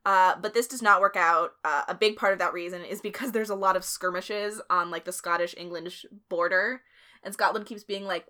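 A woman's voice: lowish voice, steady tone, normal speed, bright, forceful tone. A woman co-hosting a podcast, telling a history story in a casual, chatty way, laughing often. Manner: laughs often, swears, uses filler like.

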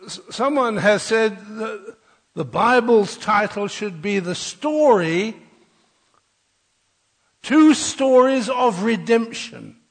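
A man's voice: high voice, expressive, slow, pauses often, long reverb tail. An older man preaching an Easter sermon, rousing and leading the congregation in call-and-response.

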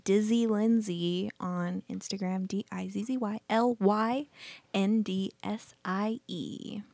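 Giggly podcast lady chatting w friends, middle pitch, dry close sound. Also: fairly even intonation, takes it slowly, gravelly, darkish tone, no room sound. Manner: giggly, loose and jokey. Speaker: podcast co-host. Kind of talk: casual chat.

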